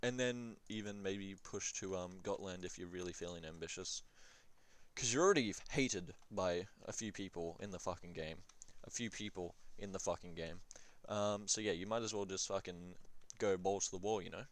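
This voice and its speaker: Talking at normal speed in a low voice, a young man offers rambling strategy-game advice. It's casual commentary peppered with swearing, jokes, and ums as he trails off.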